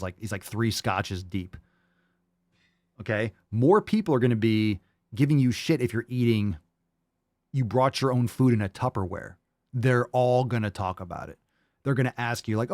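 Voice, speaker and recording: A middle-aged fitness podcast host reads viewer comments from a livestream chat, bluntly, profanely, and mockingly. His medium-pitched voice has a darkish tone, captured in clean studio sound with no echo.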